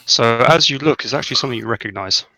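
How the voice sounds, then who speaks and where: A man acting as game master, narrating a tabletop game in a measured, descriptive way. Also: mid-range voice, sharp tone, slight background noise, low-quality recording.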